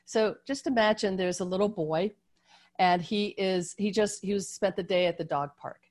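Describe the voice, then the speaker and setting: Over what sounds like a video-call microphone, a medium-pitched woman guides a group call, teaching by way of a slowly developing story. Her manner is gentle, with frequent fillers and false starts.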